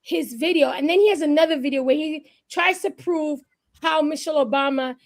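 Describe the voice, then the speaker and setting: High-voiced chatty woman co-host. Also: a little fast. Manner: chatty, animated storyteller. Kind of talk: casual radio talk show chat.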